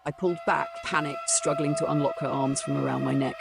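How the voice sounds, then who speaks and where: Gravelly woman narrating a ghost story. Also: deep voice, steady tone, brisk, heavy background noise. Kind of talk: scripted first-person horror narration. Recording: narration over music. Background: music.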